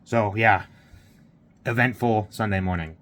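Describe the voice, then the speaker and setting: A man's voice: on the low side, a little slow, fairly bright tone. A man vlogging, retelling a morning story in a rambling way with lots of fillers and quoted dialogue. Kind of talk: casual vlog storytelling.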